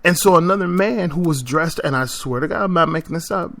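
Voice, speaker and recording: A man's voice: fairly high pitch, brisk, fairly bright tone, no echo. A man hosting a podcast, telling a story in a casual monologue, emphatic and repeating himself as he makes his point. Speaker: podcast host.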